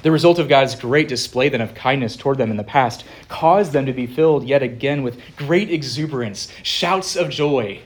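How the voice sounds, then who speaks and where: A man preaching from the pulpit with earnest conviction. His voice sits at an ordinary pitch for a man, and he slows on key phrases and builds in volume when he exhorts the listeners. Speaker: pastor. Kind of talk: sermon.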